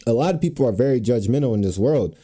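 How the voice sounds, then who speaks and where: A man's voice: mid-range voice, expressive, quick pace, warm tone. A man giving casual reaction commentary, talking loosely with lots of slang and filler. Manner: loose slangy talk, lots of "bro" and "you know what I'm saying". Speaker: commentary streamer.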